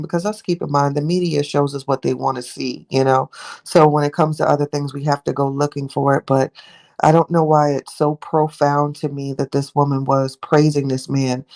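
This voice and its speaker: A woman's voice: a bass voice, vocal fry, a little mellow. A young woman hosting a livestream, chatting and rambling affectionately with her viewers. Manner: rambling, affectionate, talks to chat by name. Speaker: livestream host. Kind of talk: casual live chat with viewers.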